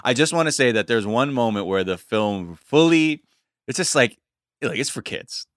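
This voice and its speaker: A man talks on a podcast in a bright, forward voice, close and dry on the mic. He rambles casually, stacking fillers as he retells a story. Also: mid-range voice, animated, normal speed, no echo. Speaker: podcast host. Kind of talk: casual chat.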